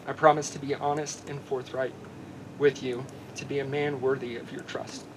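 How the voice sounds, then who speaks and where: A man, the groom, reading his wedding vows in an earnest, heartfelt way, his voice softening at the tender lines. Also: mid-range voice, flat delivery, normal speed, noisy background.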